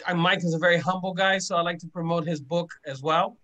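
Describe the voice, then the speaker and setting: A man's voice: sits high, fairly even intonation, quick pace, a bit bright, muffled recording. A man on a video call, eager and apologetic as he cuts in to promote a friend's book. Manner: eager, apologetic interrupting, laughing.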